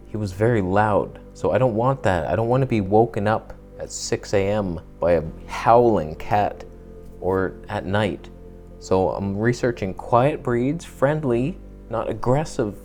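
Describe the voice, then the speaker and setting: A man's voice: on the low side, darkish tone. Rambling jokey young man vlogging. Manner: rambling storyteller, jokey, swears casually. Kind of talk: casual chat to camera.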